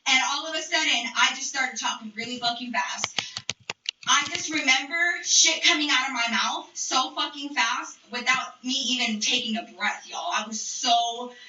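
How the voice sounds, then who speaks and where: A young woman telling a storytime on a live stream, animated, profane and emphatic. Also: sits high, normal speed, slight background noise. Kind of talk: storytime rant. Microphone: streaming mic. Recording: echoey, distant, muffled room sound.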